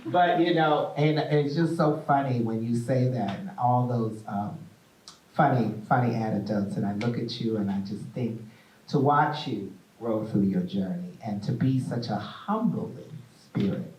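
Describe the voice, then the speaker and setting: A man hosting a stage interview, playful and animated as he tells stories. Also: medium pitch, measured pace, distant mic, slight background noise. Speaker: host. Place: theater stage. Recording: echoey room, mic from afar.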